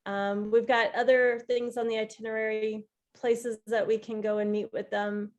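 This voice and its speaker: A woman's voice: on the high side, flat delivery, moderate pace, a little mellow. Woman with ums going over plans. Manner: hesitant, lots of ums. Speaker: event organizer. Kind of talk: casual group video call.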